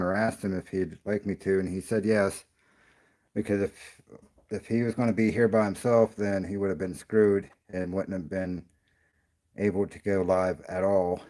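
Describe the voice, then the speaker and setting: Man, out of breath, rambling paranormal vlog talk, fairly low voice. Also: mellow. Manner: rambling, self-interrupting. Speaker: paranormal investigator.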